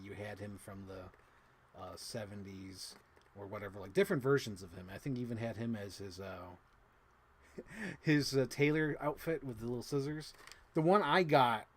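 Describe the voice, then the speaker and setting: A man with an ordinary mid-range voice talks loosely through a toy unboxing. He rambles, leans on fillers and swears casually, and his voice shoots up high when he gushes over a favorite piece. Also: slight background noise. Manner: bursts into high-pitched gushing excitement. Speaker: toy collector vlogger.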